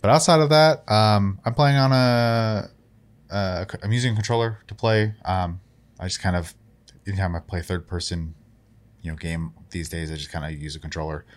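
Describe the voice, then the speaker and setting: Low-voiced man, halting casual talk. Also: fairly even intonation. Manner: hesitant, many fillers and restarts, chuckles. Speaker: podcast co-host. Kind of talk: casual chat.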